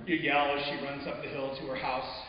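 A man reading his own short stories aloud at a live event, in a measured, intimate way that sinks softly at quiet moments. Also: medium pitch, little pitch movement. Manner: measured, intimate storytelling with soft drops. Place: arts venue stage, before an audience. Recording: echoey hall, dull muffled sound.

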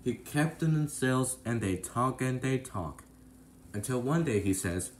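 A man's voice: mid-range voice, lively intonation, unhurried, reverberant, slight background noise, poor audio. A man narrating a rhyming storybook tale in a sing-song delivery.

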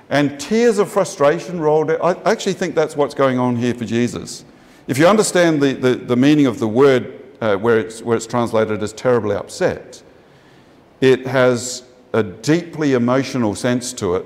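A man with an Australian accent preaching a sermon in a conversational way, jumping up in pitch for emphasis and often restarting his sentences. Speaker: pastor. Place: church. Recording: long church reverb.

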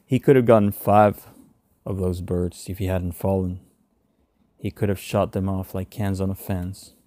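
Deep, dark-voiced male story reader. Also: steady tone, unhurried. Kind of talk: scripted narration of a short story.

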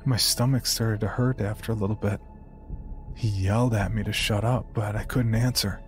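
A man narrating a horror story in a quiet, halting, subdued first-person voice. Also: on the low side, steady tone, soft background music.

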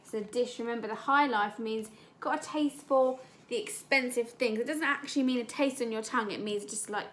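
A woman teacher with an English accent reads a storybook aloud to young children, pausing to explain words and ask them questions. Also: a little high, slight background noise. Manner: slow, gentle and explanatory, asking the children questions. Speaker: primary school teacher.

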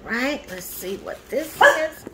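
Woman vlogger, unhurried and effusive, noisy home recording. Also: fairly high pitch, very animated. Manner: gushing, repeatedly thanking and exclaiming. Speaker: vlogger unboxing a doll. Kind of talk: casual unboxing chat. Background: household noise, dog barking.

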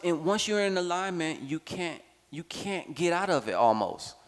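Man speaking with long hall reverb. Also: fairly high pitch. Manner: expressive, swings between playful and slow reflective. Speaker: workshop speaker. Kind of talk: animated personal testimony.

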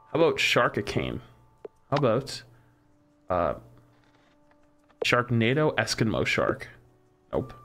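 Animated man musing through game combos. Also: lowish voice. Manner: musing aloud, trying combinations one after another. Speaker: streamer. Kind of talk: casual live-stream commentary.

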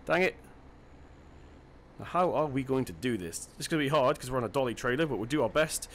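Guy chatting through his farming game, mid-pitched voice, jokes at himself, faint engine hum behind. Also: expressive, fast. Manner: chatty, self-deprecating, thinks aloud. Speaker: gaming channel host. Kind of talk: casual let's-play commentary.

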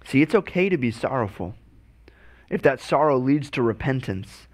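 A man's voice: mid-range voice, very animated, moderate pace. A man preaching a sermon as pastor, earnest and often stumbling over and repeating his words.

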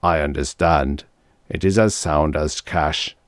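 A man voicing a cautious Russian male scientist with a thick Russian accent, speaking slowly and guardedly. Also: extremely low pitch, steady tone, no echo, studio quality, pitched below the performer's own voice. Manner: slow, measured, guarded.

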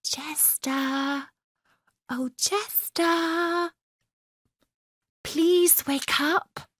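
A woman's voice: sits high, big pitch swings, takes it slowly, no echo, pitched above the performer's own voice, exaggerated voice. A woman doing a sweet young princess. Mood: whispering urgently. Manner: soft, sweet, gentle.

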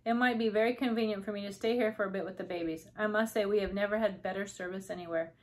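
A woman reading aloud and voicing a tiny, gentle male king who speaks in formal, courteous phrases. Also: medium pitch, fairly even intonation, quick pace, natural voice.

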